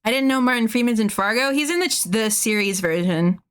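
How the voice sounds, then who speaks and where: A woman's voice: fairly high pitch, expressive, a little fast, fairly bright tone, clean tone. A woman streaming casually, rambling and laughing often as she draws and chats. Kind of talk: casual chat while drawing.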